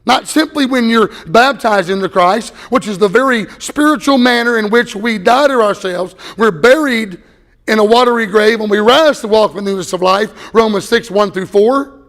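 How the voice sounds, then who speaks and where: Middle-aged male preacher, fairly high voice, folksy storytelling sermon style. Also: moderate pace, a bit bright. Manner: folksy, conversational, with repeated words. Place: church during an evening service.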